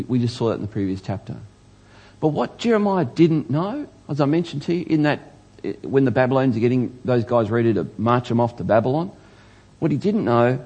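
Male preacher, sermon delivery, earnest with stammered restarts, husky and warm tone. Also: mid-range voice, dull audio. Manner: earnest, stammers and restarts, rising emphasis on questions.

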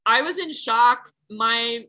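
A woman's voice: a little high, slow, sharp tone, rough recording. A woman telling a personal story in casual chat, rambling with lots of fillers and frequent swearing. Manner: rambling, heavy use of "like", swears freely.

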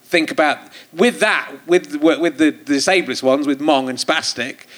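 A man with a slightly high voice, hosting an interview. He feels his way through his questions, restarting and circling before he lands the point. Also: measured pace, fairly bright tone. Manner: hesitant, probing questions with restarts. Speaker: podcast host. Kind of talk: live podcast interview. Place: theatre stage.

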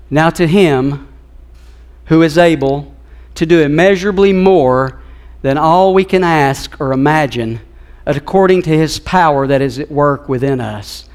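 A man in his fifties preaching a sermon in a church, telling a personal story in an earnest, emotional way. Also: fairly high pitch. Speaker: pastor. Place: church sanctuary.

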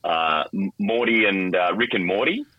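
Man, lowish voice, animated chat, dry dull-sounding home mic. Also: normal speed, no room sound. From Australia. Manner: animated, acts out voices, many restarts. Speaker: voice actor and guest. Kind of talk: casual interview talk.

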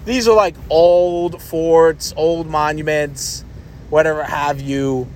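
A male podcast host telling a personal story in a chatty, animated way, swearing freely. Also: fairly high pitch, slow, a little hiss or hum. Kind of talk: casual storytelling.

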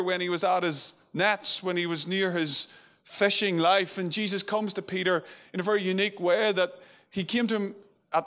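A man's voice: high-pitched, a bit bright. A male preacher giving an earnest, conversational sermon, retelling scripture vividly.

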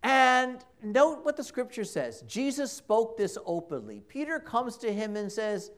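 A man's voice: extremely high pitch, big pitch swings, unhurried, few pauses, fairly bright tone. A man preaching a homily in a church, telling the story conversationally and dramatically, with emphatic repetition. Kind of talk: sermon. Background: congregation.

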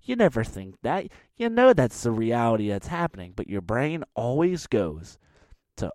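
A man's voice: mid-range voice, moderate pace, dry recording. Man ranting in a dry room. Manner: animated mocking rant with acted-out quotes. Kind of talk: ranting sports commentary.

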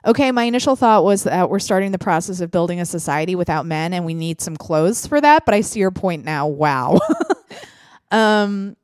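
A woman's voice: fairly low pitch, animated, normal speed, darkish tone, no room sound. Chatty woman podcast host, dry sound. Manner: chatty, laughs often, lots of fillers. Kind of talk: casual chat.

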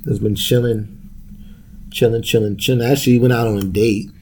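A podcast host speaks alone in a fairly quick, slightly mellow mid-range voice with fairly even intonation. His casual solo rant is loose, profane and rambling, and he laughs often. There's slight background noise.

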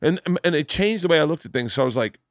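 A man hosting a podcast in casual chat, telling long jokes with lively voices and swearing freely. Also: a little high, fast, dry recording, studio quality. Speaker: podcast host.

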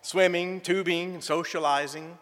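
A middle-aged man, telling a folksy church testimony with gentle humor. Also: sits high, fairly even intonation, normal speed. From southern United States. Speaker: church member giving a testimony. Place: church sanctuary. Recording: reverberant church sanctuary.

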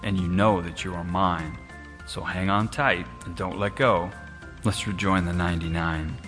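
A man voicing a loving shepherd in a storybook, speaking softly and tenderly. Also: deep voice, steady tone, normal speed, faint music behind. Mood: warm, reassuring. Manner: soft, tender. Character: gentle, loving male shepherd. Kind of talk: storybook character voice.

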